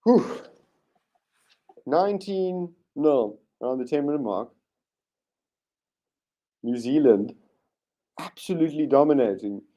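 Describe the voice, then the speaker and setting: A man hosting a live rugby watchalong, giving excitable play-by-play commentary with sudden bursts of enthusiasm and frequent restarts. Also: on the high side, slow pace, long pauses, lo-fi sound. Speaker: watchalong host.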